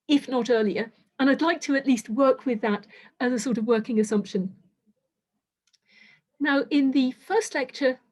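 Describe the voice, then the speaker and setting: A woman lecturer giving a measured, precise academic lecture, carefully qualifying each point. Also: high voice, darkish tone.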